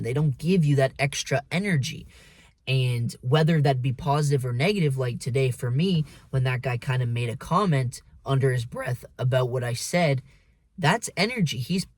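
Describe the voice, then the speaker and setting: A man's voice: mid-range voice, a little mellow, no echo, clean studio sound. A man talking in a casual, blunt monologue, swearing freely and preaching to the listener as "man" and "dude". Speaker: vlogger.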